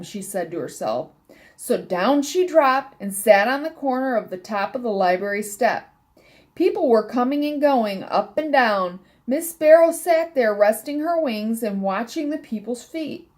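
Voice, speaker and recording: Slow, lively woman reading a storybook. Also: on the high side. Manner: slow, careful, stumbles and rereads words. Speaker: storybook reader. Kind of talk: reading a children's book aloud.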